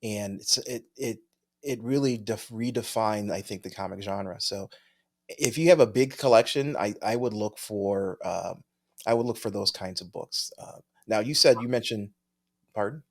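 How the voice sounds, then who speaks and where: A man's voice: on the low side, moderate pace. A man co-hosting a podcast in casual chat, easygoing, thinking aloud and chuckling often as he reads viewer mail. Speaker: podcast co-host.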